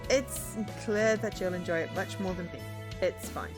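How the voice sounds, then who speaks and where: A woman's voice: on the low side, normal speed, over music. Playful woman reading a game aloud. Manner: playful, laughing asides. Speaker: streamer. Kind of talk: reading a visual novel aloud with commentary.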